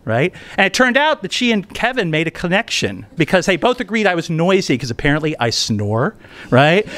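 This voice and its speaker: A man's voice: a little high, fairly bright tone. Man telling a funny story on stage. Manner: conversational, frequently asking "right?". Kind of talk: live personal storytelling. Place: event venue indoors.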